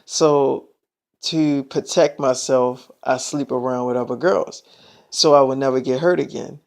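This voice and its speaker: A man's voice: medium pitch, fairly even intonation, measured pace, gravelly. A young man telling a personal story in a casual way, blunt and slangy with plenty of profanity.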